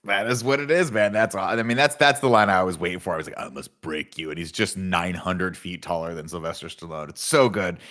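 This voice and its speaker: A man's voice: low voice, fairly quick, hardly any pauses, fairly bright tone. A man co-hosting a podcast, recapping a movie in a casual, enthusiastic way, laughing often and swearing freely. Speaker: podcast co-host.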